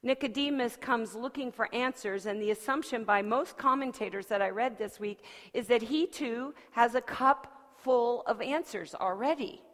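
A woman's voice: fairly high pitch, normal speed, few pauses. Woman preacher telling a story in a hall. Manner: expressive storyteller, shifting from soft to lively. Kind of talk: sermon, storytelling. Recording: long hall reverb.

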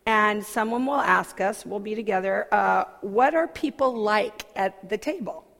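A woman church minister giving a personal sermon talk, expressive and self-mocking, swinging from soft asides to loud outbursts. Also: medium pitch, measured pace, vocal fry. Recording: long hall reverb.

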